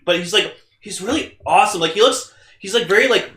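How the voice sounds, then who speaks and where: A young man co-hosting a casual podcast, talking excitably and rambling, with frequent swearing. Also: high voice, a little fast, echoey room. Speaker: podcast co-host. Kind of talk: casual chat.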